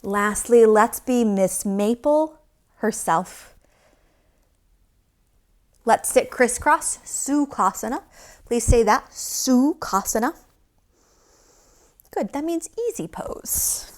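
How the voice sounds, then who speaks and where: A woman from Michigan teaching yoga to young children, playful and animated as she talks to small kids. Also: on the high side, takes it slowly, pauses often.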